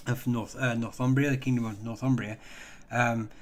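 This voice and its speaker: A man hosting a casual live stream, answering viewer questions in a halting way, full of ums and restarts, chatty and self-deprecating. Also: mid-range voice, little pitch movement.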